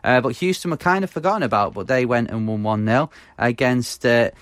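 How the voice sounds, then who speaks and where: A man's voice: medium pitch, animated, clean tone, no room sound, studio quality. Chatty British man with lots of fillers. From United Kingdom. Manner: halting, many fillers, laughs at own mispronunciations. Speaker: podcast co-host. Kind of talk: casual football podcast chat.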